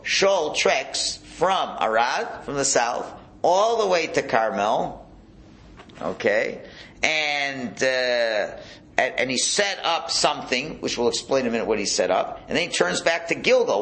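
A man's voice: mid-range voice, a bit bright. A man teaching a Torah class as a rabbi, talking in a conversational way and asking the room rhetorical questions.

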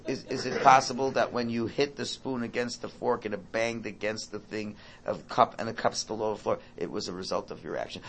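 A man giving an informal Torah talk, animated and acting out parent and child dialogue. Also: fairly low pitch, a little fast, creaky, a little hiss or hum.

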